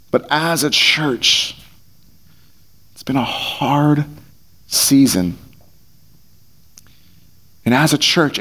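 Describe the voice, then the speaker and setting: This gravelly, mid-range voice belongs to a pastor delivering a sermon in a church hall through a headset mic taped to his face. He's earnest and conversational, repeating phrases for emphasis.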